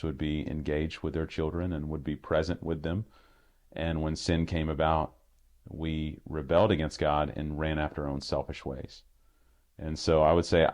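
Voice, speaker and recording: A man's voice: a bass voice, darkish tone. A middle-aged man, a pastor, giving an earnest, heartfelt personal testimony in an interview, with frequent restarts and filler words.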